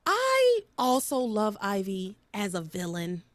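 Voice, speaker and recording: A woman's voice: mid-range voice, slow pace, no echo. A woman hosting a podcast, chatting casually and emphatically while recapping a soap opera. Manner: animated, emphatic, drawls for effect. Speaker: podcast host.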